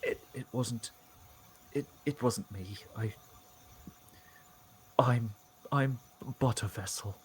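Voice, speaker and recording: A man's voice: mid-range voice, takes it slowly, pauses often, a little hiss or hum, lightly acted. A man voicing a beaten, bloodied priest who stammers and pleads in a tabletop game. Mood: pleading. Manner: stammering, broken.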